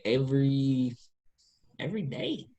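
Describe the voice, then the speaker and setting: A podcast co-host from central Pennsylvania, telling stories in relaxed, rambling casual chat. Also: male voice, mid-range voice, takes it slowly, highs cut off.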